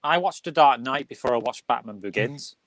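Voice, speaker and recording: A man's voice: mid-range voice, animated, a little fast, fairly bright tone, no room sound. A young man with a Liverpool accent hosting a casual film discussion, full of jokey, teasing banter. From England. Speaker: host.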